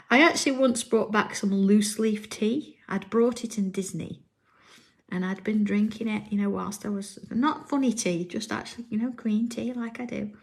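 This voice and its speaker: Lady chatting while she draws, laughs a lot, whispers little asides to herself. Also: medium pitch. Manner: chatty, laughs often, reads out viewer comments. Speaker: crafting livestream host. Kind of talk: casual chat while drawing.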